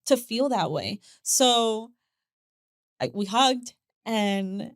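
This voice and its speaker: A woman, a podcast guest, telling a personal story with lively acted quotes, repeated words and frequent laughter. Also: fairly high pitch, very slow, no room sound, clean studio sound. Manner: animated storyteller who acts out voices, repeats words and laughs often. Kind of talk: casual interview chat.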